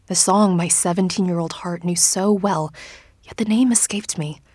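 A woman narrating a first-person story in an audiobook, in a hushed, often whispered, intimate delivery. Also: fairly low pitch, normal speed, breathy edge, no room sound.

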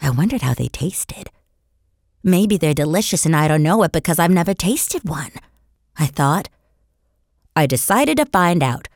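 Lady reading a kids story as the boy, lowish voice, lots of ups and downs, dry close sound. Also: a little slow, pauses often, no room sound. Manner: expressive storytelling. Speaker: audiobook narrator. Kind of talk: first-person children's story reading as a boy.

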